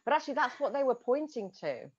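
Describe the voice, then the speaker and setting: A woman's voice: high voice, very animated, quick pace, a little mellow, slightly rough. A woman, an executive coach and host, chatting enthusiastically over a video call and laughing often. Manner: enthusiastic, laughs often, restarts mid-phrase. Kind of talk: casual conversation. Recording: muffled lo-fi audio.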